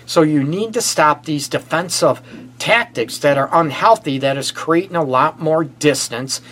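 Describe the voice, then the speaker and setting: A middle-aged man from the Detroit area hosting a casual relationship advice show, blunt and animated, often calling his listeners "people". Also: on the high side, measured pace. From Detroit area, USA. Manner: animated and blunt, addresses listeners as "people", frequent "you know what". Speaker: relationship counselor and show host.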